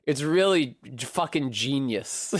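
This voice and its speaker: A man's voice: medium pitch, animated, unhurried, dry recording. Rambling, profane male game streamer. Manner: rambling and profane, goes off on nerdy tangents. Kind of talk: casual gaming commentary.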